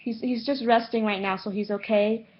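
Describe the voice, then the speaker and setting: A woman vlogging casually to camera about spiritual topics, halting often with fillers and self-corrections. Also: on the high side, steady tone, a little hiss or hum. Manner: slow and unhurried. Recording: dull lo-fi home video sound.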